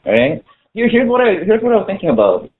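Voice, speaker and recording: A pastor preaches a casual sermon to a small group in a conversational way, full of "you know" fillers and restarts. His voice is high, with huge pitch swings and a quick pace. The recording is tinny and lo-fi, like a phone.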